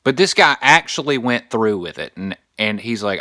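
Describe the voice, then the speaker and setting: A young adult man hosting a podcast, telling a story in a casual comedic monologue, animated and crude. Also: mid-range voice, moderate pace, hardly any pauses, dry recording, studio quality. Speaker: podcast host.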